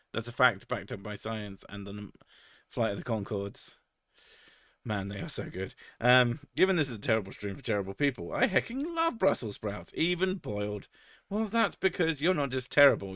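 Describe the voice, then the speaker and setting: A man's voice: lowish voice, a bit bright, no echo, studio quality. A man reading chat on a live stream, joking crudely, swearing a lot and laughing often.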